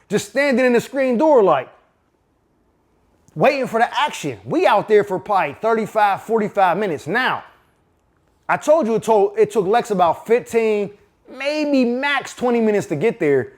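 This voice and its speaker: A man from Pittsburgh telling a personal story in a casual, animated way, full of profanity and street slang. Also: high-pitched.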